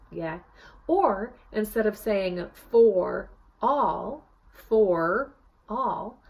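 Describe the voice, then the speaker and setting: Slow, patient woman dialect coach. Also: mid-range voice, expressive, darkish tone, slightly rough. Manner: slow, demonstrating sounds and prompting the viewer to repeat. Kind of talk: video accent lesson.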